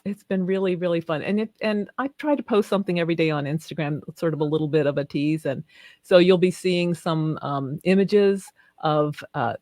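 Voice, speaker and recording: An older woman with a Southern US accent, a guest author talking effusively in a casual video call interview and quick to laugh. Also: on the low side, warm tone, no echo, clean studio sound.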